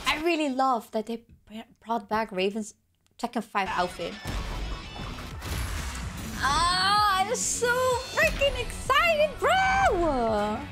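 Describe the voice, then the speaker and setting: A young woman with a hoarse voice, gushing through an excited video reaction. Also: a little high. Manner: gushing, exclamatory, fangirling. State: hoarse from illness. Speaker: gaming video creator.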